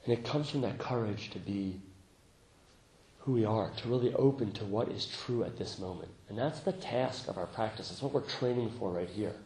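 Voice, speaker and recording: A man teaching meditation to a group, speaking gently, laughing often, and growing lively when he tells a story. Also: fairly low pitch, normal speed, roomy sound, rough recording. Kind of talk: dharma talk.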